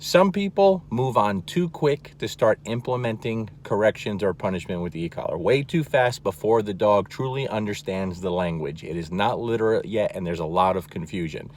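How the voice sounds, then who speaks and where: A man's voice: fairly low pitch, expressive, moderate pace, few pauses, a little hiss or hum. A man teaching as a dog trainer, talking plainly and emphatically, often checking in with "okay?" and repeating key words. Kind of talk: instructional talk to camera.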